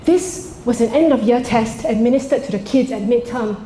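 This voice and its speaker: A woman voicing a calm, reassuring school principal who talks in a soothing, upbeat way. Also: on the high side, moderate pace, a little hiss or hum, close to an everyday voice. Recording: roomy stage sound, faint ambience.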